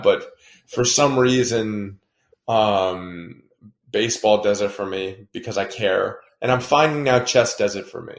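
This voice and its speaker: A man, a baseball player guest, telling animated, self-deprecating stories in a casual interview. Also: fairly low pitch, a little slow. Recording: echoey room.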